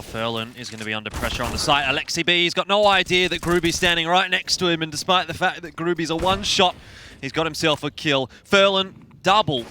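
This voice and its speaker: Laid back guy casting esports, bright and a bit higher voice. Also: a little hiss or hum. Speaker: esports caster. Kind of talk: esports commentary.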